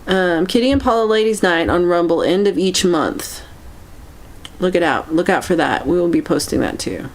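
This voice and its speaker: A woman hosting a casual livestream chat, meandering and halting as she reacts to viewer comments. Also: fairly low pitch. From United States. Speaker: livestream host.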